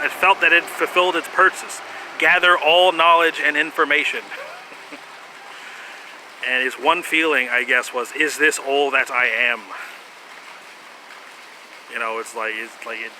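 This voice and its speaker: Rambling man with a bright voice. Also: mid-range voice, a little hiss or hum, low-quality recording. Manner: rambling, laughs often, many fillers and restarts, swears. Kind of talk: rambling casual monologue.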